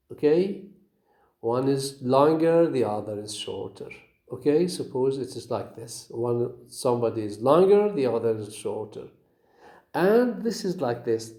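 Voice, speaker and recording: A man teaching phonetics in a recorded lecture, explaining slowly and repeating himself, often checking in with "okay?". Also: mid-range voice, mellow, reverberant. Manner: slow, repetitive explaining with frequent "okay?" checks.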